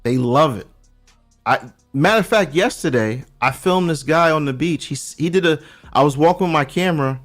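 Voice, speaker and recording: A man's voice: a little high, moderate pace, faint music behind. A middle-aged man from Brooklyn, telling stories as a guest on a casual podcast. He talks in street slang and restarts his sentences a lot. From Brooklyn, New York. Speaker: guest checking in from abroad.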